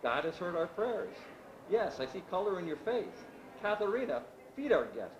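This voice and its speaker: A man voicing a serious, inquisitive young peasant in a read-aloud story, measured and plain-spoken. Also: sits high, big pitch swings, highs cut off, voice pushed up. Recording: echoey room with background noise.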